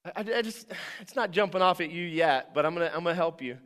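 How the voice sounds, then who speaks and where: A man preaching a sermon as a pastor in a church, conversational and animated, often asking the congregation questions. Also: fairly high pitch, fast, big-room sound. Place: church sanctuary.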